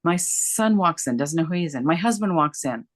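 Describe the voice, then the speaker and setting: A middle-aged woman speaking as an interview guest, her delivery animated and emphatic as she recounts events and leans on repetition. Her voice sits at an ordinary pitch for a woman. The sound is dry and close, with no room echo. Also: a little fast. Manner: animated, emphatic, repeats phrases for effect. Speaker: guest, dementia care coach. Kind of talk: conversational interview storytelling.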